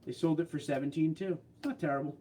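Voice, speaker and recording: A man's voice: on the high side, fast talker, dark tone, a little hiss or hum. Chatty New York man hosting a livestream. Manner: chatty, joking. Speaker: livestream host. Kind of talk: casual livestream chat, reading comments.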